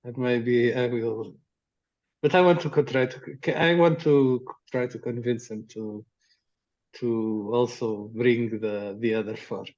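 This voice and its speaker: A man's voice: medium pitch, fairly even intonation, measured pace, darkish tone. A man playing a tabletop game, hesitant and stumbling over his words, on dull lo-fi audio. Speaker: player. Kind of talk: casual tabletop play.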